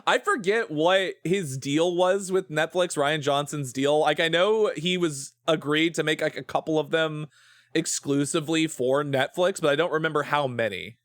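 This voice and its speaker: A man's voice: on the high side, normal speed, a bit bright, no echo, studio quality. A man streaming a game, rambling playfully about shows and swearing freely as he plays. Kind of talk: casual live-stream chat while gaming.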